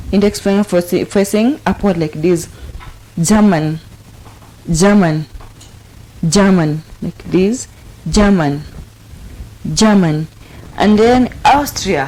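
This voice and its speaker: A woman hosting a sign language lesson, calmly repeating each word several times as she explains the signs. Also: medium pitch, a little hiss or hum, low-quality recording. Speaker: sign language teacher and host. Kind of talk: slow step-by-step instruction.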